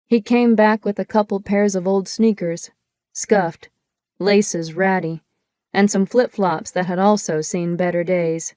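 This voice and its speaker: A woman reading a first-person audiobook in a measured, descriptive storytelling manner, recorded on a close studio microphone. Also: medium pitch, steady tone, darkish tone, smooth, no room sound. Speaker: audiobook narrator.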